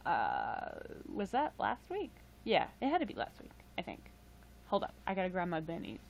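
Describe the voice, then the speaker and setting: A woman's voice: on the low side, wildly swooping pitch, normal speed, creaky, a little hiss or hum. Rambling, chatty young woman livestreaming. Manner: rambling, chatty, filler-heavy, self-deprecating. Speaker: livestream host. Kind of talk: casual livestream chat.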